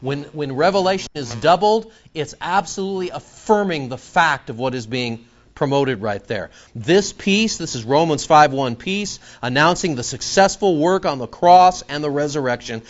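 A man preaching an expository sermon, reading scripture slowly and then explaining it conversationally. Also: fairly high pitch, expressive, highs cut off. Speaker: preacher teaching the Bible.

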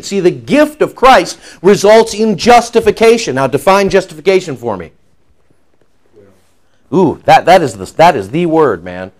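Lively high-voiced preaching man. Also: normal speed. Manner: animated preaching, swings from loud declaiming to quiet asides; jokes and banters with the congregation. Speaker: pastor. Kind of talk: sermon.

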